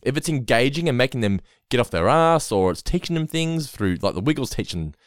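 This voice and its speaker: A man, co-hosting a casual podcast, animated, swearing freely and acting out quotes. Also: medium pitch, brisk, no room sound, studio quality. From Australia. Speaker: podcast co-host. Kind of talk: casual chat.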